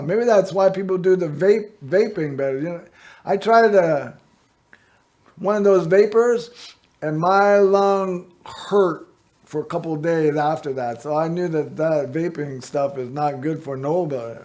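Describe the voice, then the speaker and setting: A middle-aged man hosts a local access TV show, telling the camera rambling personal stories in a folksy, meandering way, full of "you know" and "anyway." His voice sits high with a darkish tone.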